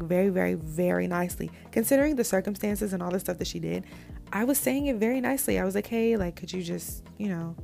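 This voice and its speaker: A woman's voice: medium pitch, gravelly. A young woman telling a story in a casual, candid way, with blunt slang, talking straight to her listeners. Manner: animated and candid, addresses listeners as "y'all"; blunt slang-heavy speech.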